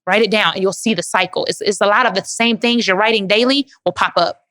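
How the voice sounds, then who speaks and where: A woman's voice: medium pitch, fast talker, a bit bright. A woman from Dallas, Texas, answering audience questions in an emphatic, preachy motivational way, calling listeners "baby.". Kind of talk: motivational live Q&A talk.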